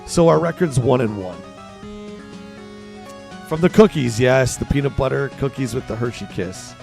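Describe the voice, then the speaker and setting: A man's voice: medium pitch, animated, moderate pace, creaky, over music. A man from Canada with a Canadian accent, hosting a livestream and chatting casually while reading and answering his chat. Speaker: streamer host.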